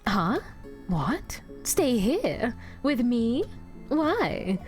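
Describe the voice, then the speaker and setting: A woman's voice: a little high, sing-song, very slow, faint music behind. A woman streaming a video game, reading its dialogue aloud and swearing at the screen. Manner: profane, loud outbursts at the screen. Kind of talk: casual game stream commentary.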